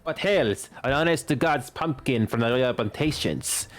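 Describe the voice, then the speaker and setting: A man doing a gruff brogue-talking tavern keeper. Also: mid-range voice, animated, moderate pace, soft background music, close to an everyday voice. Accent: put-on Irish or Scottish brogue. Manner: rough, hearty barroom talk. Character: gruff male tavern keeper, brawny and blunt.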